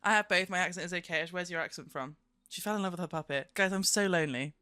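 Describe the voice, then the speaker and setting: A woman's voice: on the low side, fast talker, sharp tone, clean tone. A chatty woman streamer talks casually to her viewers, giggly and self-mocking. Her voice is close on a streaming microphone and sounds dry, with no room echo. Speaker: live streamer. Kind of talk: casual live-stream chat.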